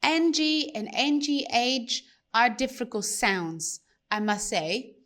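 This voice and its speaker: A woman teaching pronunciation, slowly demonstrating sounds and repeating them for learners. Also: on the high side, expressive, fairly bright tone. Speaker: language teacher. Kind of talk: pronunciation lesson.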